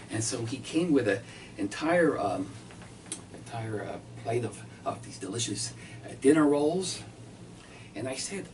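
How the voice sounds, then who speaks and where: Deadpan male magician-storyteller, lively pitch, distant mic with faint noise. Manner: halting, deadpan delivery full of fillers. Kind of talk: comic storytelling performance.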